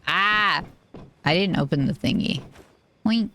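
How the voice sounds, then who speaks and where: Low-voiced woman streaming a game. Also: takes it slowly, bright, forceful tone, a little hiss or hum. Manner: chatty, reactive, swears when startled. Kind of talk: casual gaming commentary.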